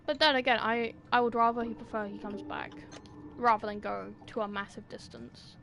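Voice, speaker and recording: A young British woman livestreams a game, chatting and exasperatedly pleading with the characters as she commentates. Her British English voice is a little high, creaky, and a bit bright at normal speed, with slight background noise.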